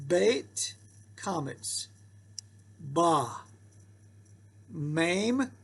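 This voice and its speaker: Slow, gravelly male Hebrew teacher. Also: fairly high pitch. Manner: patient, repeats rules and sounds aloud. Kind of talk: slow classroom-style lesson.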